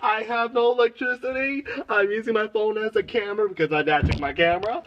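A man's voice: high voice, brisk, few pauses, dull audio. A man filming a playful parody home tour on his phone, grumbling in mock complaint and slipping into silly exaggerated voices. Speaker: vlogger. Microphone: phone camera.

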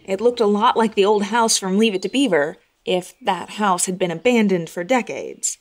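A woman reading a first-person horror story in a measured, tense voice. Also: mid-range voice. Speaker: narrator.

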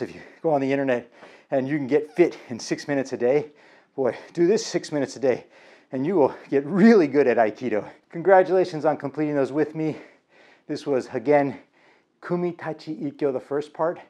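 A man teaching aikido in an instructional vlog, talking in an energetic, encouraging way. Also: on the high side, a little fast, background noise.

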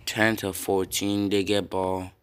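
A young man casually commenting on his own football video game, swearing and breaking into loud yells at big plays. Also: low-pitched, flat delivery, slow pace, noisy background. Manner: reactive, swears often, bursts into loud yells.

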